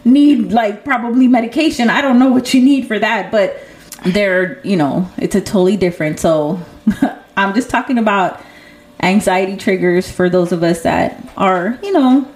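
A woman's voice: mid-range voice, moderate pace. A young woman hosting a casual chat, talking loosely and laughing often as she tells stories. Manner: laughs often, animated storytelling. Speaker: host.

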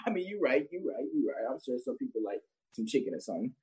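Husky young man, laughing casual guest. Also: on the high side, sing-song, fast, a little mellow, rough recording. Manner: laughs often, rambling with restarts and fillers. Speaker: guest, social media creator. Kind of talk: casual interview chat.

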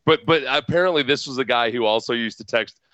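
A man's voice: medium pitch, fast talker, bright, forceful tone, no room sound. Chuckling male guest on a muffled line. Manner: chuckling, self-deprecating, rambling. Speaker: guest, radio host. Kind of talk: casual podcast chat.

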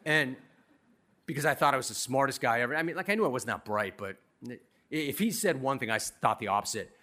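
A middle-aged man from Los Angeles giving a commencement speech, telling his story in a punchy, self-deprecating, animated way. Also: medium pitch, fast talker. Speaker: commencement speaker. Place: university commencement ceremony.

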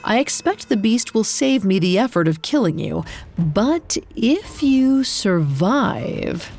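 A woman voicing a one-eyed male warrior chief who speaks in a slow, low, measured way. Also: sing-song, vocal fry, darkish tone, soft background music, exaggerated voice.

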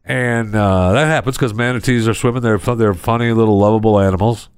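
A man with a fairly low voice hosts a comedy podcast and tells strange news stories. He rambles in a deadpan way and stops often to hunt for words. He is close to a studio mic with a dry sound. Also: brisk, clean tone, dry recording. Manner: rambling storyteller, many uh fillers, deadpan. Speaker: podcast host. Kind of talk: casual comedy podcast chat.

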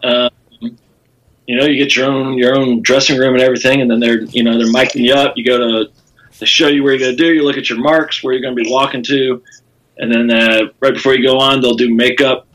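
Bright-voiced Southern comedian, husky edge. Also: male voice, mid-range voice, flat delivery, brisk, rough recording. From South Carolina. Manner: rambling storytelling with frequent fillers and profanity. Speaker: comedian guest. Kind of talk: casual podcast chat.

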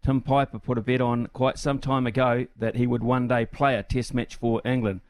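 Chatty New sports radio host. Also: male voice, medium pitch, flat delivery, normal speed, a little mellow. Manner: rambling, lots of uh fillers. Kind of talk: casual sports radio chat.

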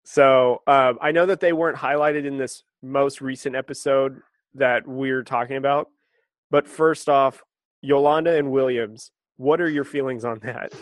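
A man's voice: medium pitch, steady tone, a little slow, no room sound. A man co-hosting a casual chat, talkative and wry, laughing often. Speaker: podcast co-host.

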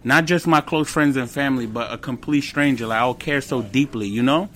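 A man in his twenties, a comedian guest on a casual podcast, telling animated stories with slang, swearing and bits of Spanish. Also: medium pitch, brisk, slight background noise. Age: 20s.

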